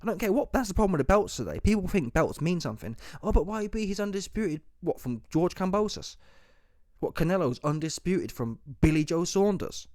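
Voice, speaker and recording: A man giving an opinionated solo commentary, talking forcefully in slang and repeating rhetorical questions. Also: fairly high pitch, big pitch swings, a little fast, no room sound, clean studio sound. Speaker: boxing commentary YouTuber. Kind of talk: opinionated monologue.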